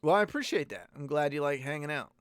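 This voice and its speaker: A man's voice: a little high, expressive, quick pace, clear, resonant tone, no room sound, clean studio sound. A man hosting a casual live-stream Q&A, talking bluntly and rambling, with plenty of swearing. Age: adult parent. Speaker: host answering viewer questions.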